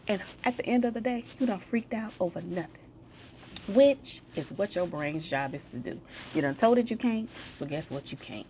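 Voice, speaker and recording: Low-pitched woman, motivational speaker, slangy storytelling delivery. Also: animated, normal speed, a little mellow, slight background noise. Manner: slangy, chatty storytelling with everyday examples. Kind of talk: casual self-help talk.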